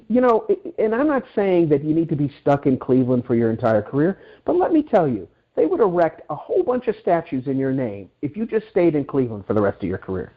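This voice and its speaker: A middle-aged man being interviewed as an author, telling stories animatedly with frequent restarts and repeated words. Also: medium pitch. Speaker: guest author. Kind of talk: interview storytelling. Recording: dull lo-fi audio.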